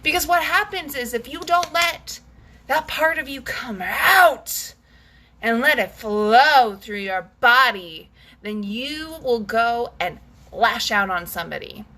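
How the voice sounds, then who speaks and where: A woman's voice: on the high side, lively intonation, takes it slowly, pushed and bright. A woman leading a guided scream and breathwork session, intense and emphatic, swearing freely as she urges listeners to let their anger out. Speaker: breathwork coach.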